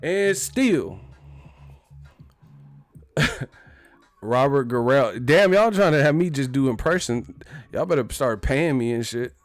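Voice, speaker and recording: Boxer hosting a livestream, easy and slow, swearing and laughing, faint music behind. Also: male voice, medium pitch, animated, no echo. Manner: rambling, profane, laughs often. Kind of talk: casual livestream chat.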